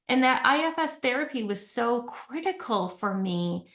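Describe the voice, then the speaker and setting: On a conversational podcast, a female company CEO talks about healing in an earnest, reflective way, frequently adding a questioning "right?". Her slightly high, fairly bright voice has lively intonation, moving at a moderate pace with hardly any pauses.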